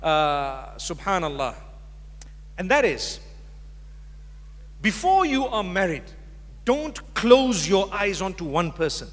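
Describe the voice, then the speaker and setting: A man with a high voice gives a religious lecture to a hall audience. He talks to the crowd directly and mixes humor into his advice. A long reverb from the lecture hall hangs on every phrase. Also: big pitch swings, slow pace, long pauses. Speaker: Islamic preacher.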